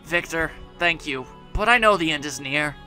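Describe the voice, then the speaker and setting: A man voicing a dying woman rebel leader, calm and resolute, in a quiet, measured, solemn read. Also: fairly high pitch, faint music behind, voice pushed down. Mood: solemn, resigned.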